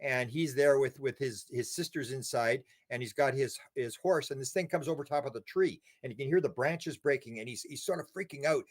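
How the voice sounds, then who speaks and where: An older man, a guest in a casual interview, telling animated stories with many restarts and repeated words. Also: mid-range voice, fairly quick, hardly any pauses. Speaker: interview guest, UFO researcher.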